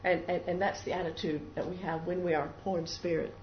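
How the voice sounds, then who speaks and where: This woman speaks fast in a fairly low pitch with fairly even intonation, delivering an earnest devotional sermon. She sometimes performs the voices of doubters and prayers. Faint noise accompanies the dull lo-fi recording.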